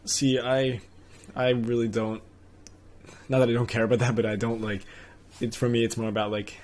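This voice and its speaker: A man's voice: mid-range voice, level tone, moderate pace, darkish tone. A young man co-hosting a podcast in casual chat, talking hesitantly with many restarts and laughing easily. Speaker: podcast co-host.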